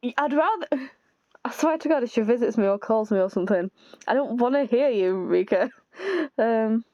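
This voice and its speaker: A woman's voice: a little high, moderate pace, dark tone, no echo, muffled recording. A woman playing a story game and commenting on it casually. She is giggly and chatty as she reacts to the story. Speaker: let's play streamer.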